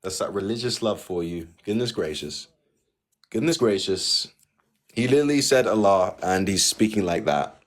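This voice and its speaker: A man's voice: lowish voice, normal speed. A man hosting a live online debate, talking in a lecturing, patronizing way. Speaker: debate host.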